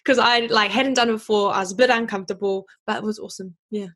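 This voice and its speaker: A woman's voice: mid-range voice, fairly even intonation, quick pace, a bit bright. A young woman from New Zealand in a casual interview, chatty and bubbly, laughing often as she tells her story. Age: young adult. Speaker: interview guest, voice actor and singer.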